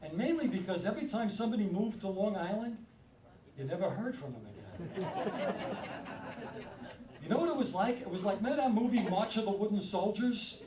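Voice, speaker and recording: A man from Brooklyn doing a stand-up set, telling stories in a punchy, animated way. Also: high voice, fairly quick, long pauses, crowd noise. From Brooklyn, New York. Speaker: stand-up comedian. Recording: roomy live sound from a distance. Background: audience laughter.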